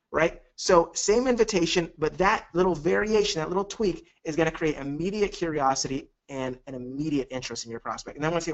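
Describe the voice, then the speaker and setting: A man's voice: a little high, quick pace, few pauses, dull audio. A man coaching on a live webinar, talking with energy and acting out quoted phone calls. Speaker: network marketing coach.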